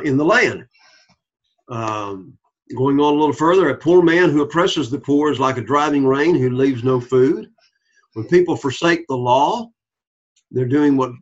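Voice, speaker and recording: Bible teacher, man, husky voice, repeats points, asks "all right?", dull lo-fi recording. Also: a little high. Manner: repeats key points, checks in with the class. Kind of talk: Bible study lecture.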